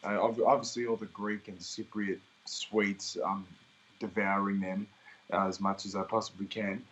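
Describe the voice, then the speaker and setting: A man's voice: on the low side, little pitch movement, normal speed, fairly bright tone, dull audio. Easygoing young Australian man. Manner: easygoing, laughs often, rambling fillers. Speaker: interviewee, singer. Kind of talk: casual interview chat.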